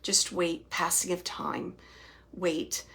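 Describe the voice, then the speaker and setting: A woman hosting a psychic reading, relaying spirit messages in a soft, halting way with frequent restarts and repeated phrases, sometimes dropping to a near whisper. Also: fairly low pitch, flat delivery, vocal fry. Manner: drops to near-whispers at times. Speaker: psychic medium host.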